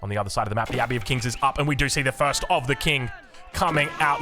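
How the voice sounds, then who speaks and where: A man's voice: mid-range voice, fast talker, sharp tone, soft background music. A man with an Australian accent casting a strategy game match, chatty and often correcting himself with fillers. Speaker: game caster.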